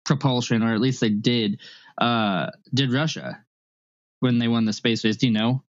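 A man's voice: mid-range voice, normal speed, dry recording. A man co-hosting a podcast, explaining things in a hesitant, casual way. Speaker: podcast co-host. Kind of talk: casual chat. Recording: dull, lo-fi dry sound.

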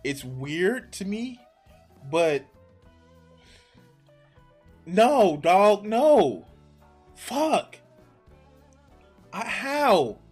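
A man's voice: high-pitched, big pitch swings, extremely slow, long pauses, darkish tone, slightly rough, soft background music. A man reacting to a debate clip on his stream, exasperated and swearing often, talking back at the speakers. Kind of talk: casual reaction commentary.

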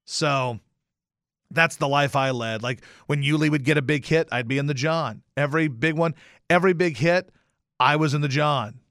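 A man's voice: on the high side, normal speed, no echo, studio quality. A man hosting a podcast, ranting in a casual, profane, sarcastic way and telling stories. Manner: animated, profane, sarcastic storytelling. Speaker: podcast host. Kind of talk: casual rant.

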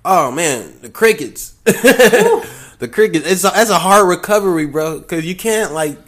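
A man and stand-up comic in casual chat, talking in an animated way with lots of restarts. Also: high voice. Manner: animated, halting restarts, crude humor. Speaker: stand-up comedian.

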